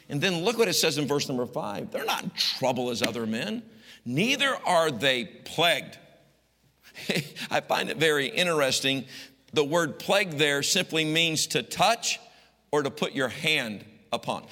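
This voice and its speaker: Bright-voiced, animated middle-aged preacher. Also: male voice, mid-range voice, normal speed. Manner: animated, folksy, swings between loud and hushed. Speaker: pastor. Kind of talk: storytelling sermon. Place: church sanctuary. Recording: long church reverb.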